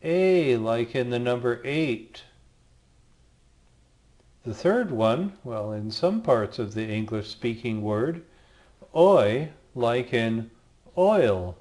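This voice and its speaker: Slow, patient man teaching Greek letters. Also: medium pitch, animated, darkish tone. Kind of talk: screen-recorded language lesson.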